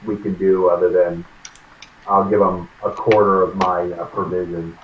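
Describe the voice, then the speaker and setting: A man's voice: low voice, little pitch movement, normal speed, slight background noise. A man playing a tabletop game, talking earnestly and at length in character. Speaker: player. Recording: tinny echoey call audio.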